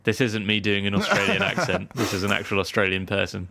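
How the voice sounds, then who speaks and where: A man's voice: on the low side, fast, pushed and bright. A man hosting a casual cricket podcast in a dry, teasing way, laughing often. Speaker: podcast host.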